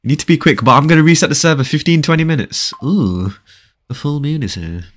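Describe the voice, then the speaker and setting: A man's voice: a little high, expressive, fairly quick, a bit bright. A young man, chatting casually on a live game stream and bantering with viewers. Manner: casual, bantering, reads viewer chat aloud.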